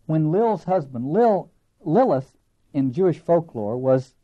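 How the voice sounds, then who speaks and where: A man with a Southern American accent giving a literature lecture, earnest and emphatic, slow and deliberate, then quick. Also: mid-range voice. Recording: dull lo-fi lecture recording.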